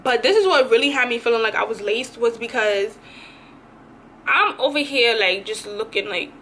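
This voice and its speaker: A woman's voice: on the high side, normal speed, slight background noise. A young woman vlogger telling a dramatic, slangy story in a casual storytime. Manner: animated, slangy, dramatic retelling.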